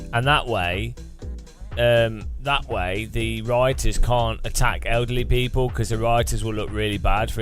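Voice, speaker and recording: A British man doing casual gaming commentary, riffing deadpan and sarcastic. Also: mid-range voice. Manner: rambling deadpan sarcastic jokes. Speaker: gaming youtuber.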